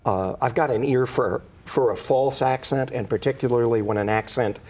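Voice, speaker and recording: A man's voice: mid-range voice, normal speed, a little mellow. A man who reviews plays, talking in a rambling, hesitant way with many restarts. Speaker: theater reviewer. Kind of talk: panel discussion.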